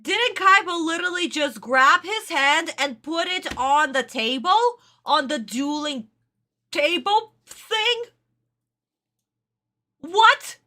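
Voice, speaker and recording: A woman's voice: extremely high pitch, animated, slow, sharp tone. A woman hosting a reaction video, ranting in exasperation and laughing at what she watches. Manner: exasperated, rants and laughs at the show. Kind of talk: casual reaction commentary.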